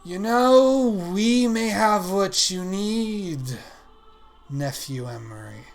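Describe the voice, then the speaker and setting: A man's voice: sits high, expressive, slow pace, faint music behind, pitched above the performer's own voice, full character voice. Man putting on a creepy, sly old uncle. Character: scheming older male uncle, creepy and sly.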